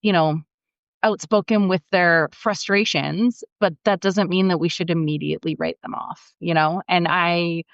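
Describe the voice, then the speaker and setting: A woman's voice: lowish voice, steady tone, a little slow, gravelly, no room sound, dull audio. A middle-aged woman from Canada chatting casually as a podcast guest, laughing often. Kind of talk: casual chat.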